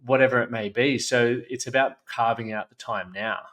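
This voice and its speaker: A man's voice: medium pitch, fairly even intonation, moderate pace, fairly bright tone. A young man hosting a podcast, talking in a reflective, earnest, casual way. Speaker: podcast host. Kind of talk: conversational interview.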